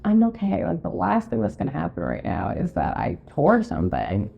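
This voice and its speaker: A woman co-hosting a podcast in casual chat, telling stories full of fillers and acting out her own quotes in a high voice. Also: huge pitch swings, moderate pace, gravelly. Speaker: podcast co-host, real estate marketing and sales director. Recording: dull lo-fi podcast recording.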